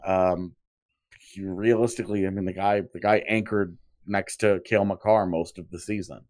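A man's voice: deep voice, steady tone, moderate pace, darkish tone. A man co-hosting a podcast, talking casually about hockey contracts and thinking aloud with frequent restarts. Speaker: podcast co-host. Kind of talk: casual sports talk.

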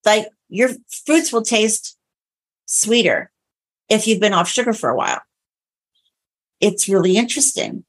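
A middle-aged woman, a nutrition coach, chatting as a guest on a podcast and telling stories with lively quoted dialogue. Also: mid-range voice, a little slow, pauses often, slightly rough. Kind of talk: casual podcast interview.

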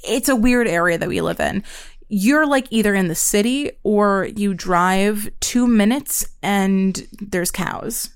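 A young woman from Pennsylvania co-hosting a podcast, telling stories in a profane, animated way. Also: slow pace, clear, resonant tone. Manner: profane, animated storyteller, swings pitch high when quoting. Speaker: podcast co-host. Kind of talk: casual chat, storytelling.

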